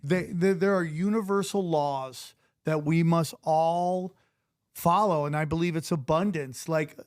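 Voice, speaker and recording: Animated joking man hosting a podcast. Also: a little high, measured pace. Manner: animated, jokey storyteller who mimics others. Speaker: podcast host. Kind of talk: casual chat.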